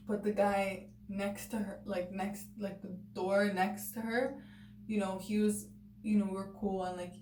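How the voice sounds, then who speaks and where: A woman's voice: medium pitch, dark tone. A young woman telling a personal story to camera in a chatty way, filling her talk with "like" and "you know" and acting out what people said. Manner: chatty, full of "like" and "you know", acts out quotes. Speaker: vlogger. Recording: echoey room, mic at a distance, faint noise.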